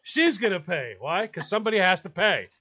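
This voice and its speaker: A man's voice: sits high, sing-song, fairly quick, bright, forceful tone. A man telling a funny story with drama, acting out the voices and laughing often. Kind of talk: animated storytelling. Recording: dull lo-fi sound.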